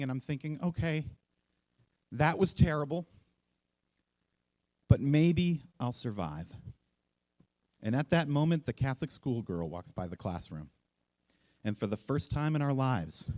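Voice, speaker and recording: A man telling a funny personal story on stage at a live event, self-mocking and acting out the voices in it. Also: normal speed. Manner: animated, self-mocking, acts out voices with big jumps in pitch.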